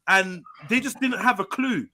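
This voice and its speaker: A man's voice: high-pitched, moderate pace, crowd noise. A man from England hosting a heated livestream panel, talking bluntly and animatedly, swearing freely.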